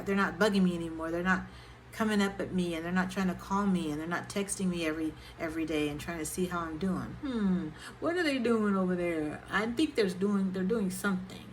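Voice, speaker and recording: A woman's voice: on the low side, a little hiss or hum, natural voice. A woman putting on the voice of a dismissive, evasive partner who brushes things off nonchalantly.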